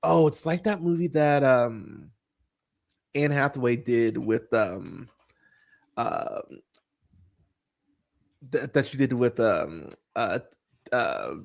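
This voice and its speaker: A man's voice: mid-range voice, expressive, creaky. A man hosting a podcast, talking in a casual chat that rambles and swears freely, with lots of fillers and restarts. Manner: rambling, profane, halting with many fillers. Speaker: podcast host.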